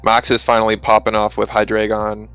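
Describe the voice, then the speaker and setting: A young man co-hosting a casual chat, giving brisk updates. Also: fairly low pitch, monotone, fairly bright tone, clean tone, faint music behind, rough recording. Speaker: podcast co-host.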